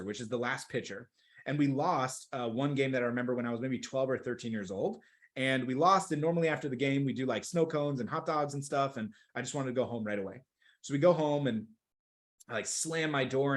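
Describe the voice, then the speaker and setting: A young man coaching sales in a webinar, energetic and emphatic, repeating words for stress. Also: mid-range voice. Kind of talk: webinar teaching. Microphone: video call.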